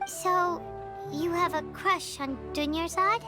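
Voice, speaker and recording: Paimon, a tiny squeaky companion. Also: female voice, takes it slowly. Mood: coaxing. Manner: bossy, bubbly, impatient. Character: tiny chirpy floating girl companion. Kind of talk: video game voice acting. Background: game music.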